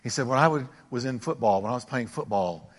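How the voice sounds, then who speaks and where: An older male pastor delivering a sermon, swinging between emphatic raised exclamations and quiet, intimate asides. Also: mid-range voice, quick pace, big-room sound. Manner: preaching with rising emphatic exclamations.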